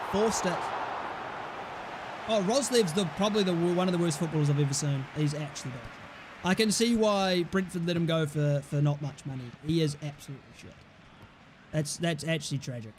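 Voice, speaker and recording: High-voiced young man, blunt and mocking. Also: a little hiss or hum. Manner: blunt, mocking, swears freely. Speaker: gaming streamer. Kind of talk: casual football game commentary.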